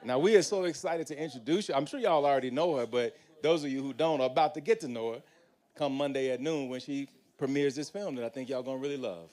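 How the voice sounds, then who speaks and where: A man hosting a live panel, introducing guests with energetic, preacher-like hype and casual slang. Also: medium pitch, fast talker. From United States. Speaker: panel host.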